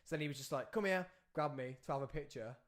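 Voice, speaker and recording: A young man hosting a podcast, chatting casually and telling anecdotes in quick bursts with trailing asides. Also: medium pitch, steady tone. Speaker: podcast host. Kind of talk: casual chat.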